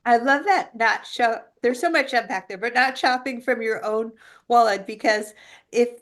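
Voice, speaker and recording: A woman's voice: on the high side, moderate pace, fairly bright tone. A woman hosting a podcast who is upbeat and affirming as she welcomes and questions her guest. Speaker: podcast host. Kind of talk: conversational interview.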